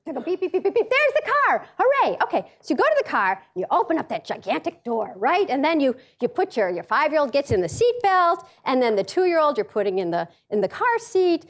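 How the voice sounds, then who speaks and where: A middle-aged woman gives a funny talk, her high voice swooping all over as she tells stories. She jokes freely and acts out other people's voices, pacing as she speaks. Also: big pitch swings, brisk, hardly any pauses. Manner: paces while speaking. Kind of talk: humorous storytelling talk.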